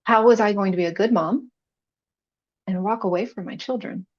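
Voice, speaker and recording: A woman's voice: mid-range voice, moderate pace. Woman telling her faith story, earnest and emotional, kinda muffled audio. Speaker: podcast guest, chaplain. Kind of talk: personal faith testimony.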